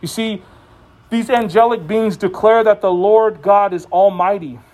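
High-pitched man preaching with playful humor. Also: steady tone, unhurried, darkish tone. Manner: conversational and joking. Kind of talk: sermon.

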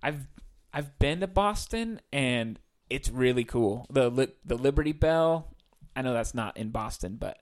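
A man's voice: medium pitch, animated, unhurried, hardly any pauses. A man co-hosting a podcast in casual chat, easygoing and thinking aloud as he talks. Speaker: podcast co-host.

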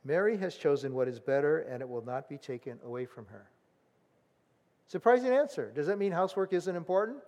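A man preaching a sermon in a conversational, animated way, acting out the voices of people in the story. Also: a little high, big-room sound. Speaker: pastor.

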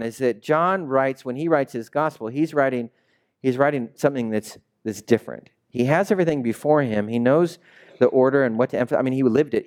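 In a church sanctuary full of congregants, a young pastor preaches a casual, humorous sermon and gets the crowd answering back. His voice sits in the middle range and has a bit of mellowness to it.

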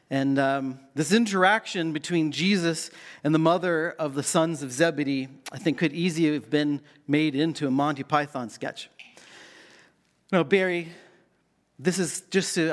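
Male pastor, middle-aged, from canada, high voice, playful sermon storytelling. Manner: playful, self-mocking storyteller.

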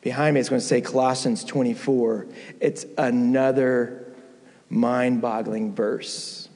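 A man's voice: medium pitch, fairly even intonation, a little slow, a little mellow. A man preaching a sermon as a guest speaker, telling a story and building to emphatic peaks. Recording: long church reverb.

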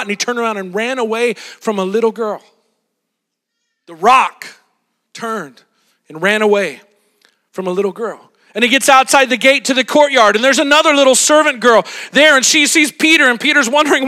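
A man preaching a sermon, retelling a story with animated, dramatic flair. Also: high-pitched, normal speed.

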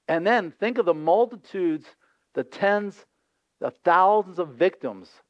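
Male pastor, lively conversational sermon, slightly high voice, dull lo-fi recording. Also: takes it slowly, no echo. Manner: lively, conversational, acts out voices in scripture scenes.

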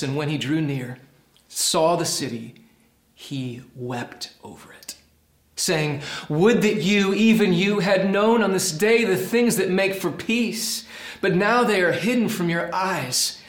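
A man preaching a sermon with passion, acting out quoted figures in a raised voice. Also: roomy sound. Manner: impassioned preaching, voices quoted figures with rising pitch and force. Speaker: pastor.

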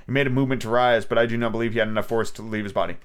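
A man's voice: medium pitch, fairly even intonation, very fast, clear, resonant tone. A man casually reading a classic adventure story aloud as host, with irreverent asides and frequent stumbles and rereads. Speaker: audiobook narrator and podcast host.

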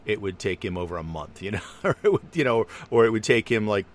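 A man's voice: lowish voice, expressive, fast talker, a little hiss or hum. A man in casual conversation, musing at length and rambling through his explanations. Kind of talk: casual chat.

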